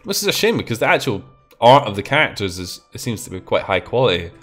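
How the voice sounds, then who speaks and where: A man's voice: lowish voice, very animated, fast, a bit bright, faint music behind. A young man hosting a game stream, chatting and teasing a guest in a casual, joking way. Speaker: streamer host. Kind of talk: casual gameplay chat.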